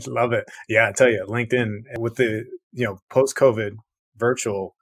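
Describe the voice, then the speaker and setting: A man's voice: mid-range voice, steady tone, measured pace, no room sound. A man hosting an interview podcast, easygoing and affirming, calling his guest "man" and "dude". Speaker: podcast host. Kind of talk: casual interview talk.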